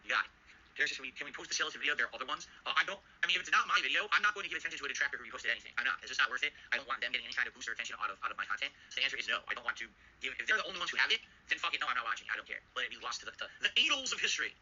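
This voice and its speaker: Rapid-fire ranting American man. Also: mid-range voice, expressive, sharp tone, dull audio, a little hiss or hum. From United States. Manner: indignant, profane, repetitive rhetorical questions. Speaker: streamer. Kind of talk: livestream rant and chat reading.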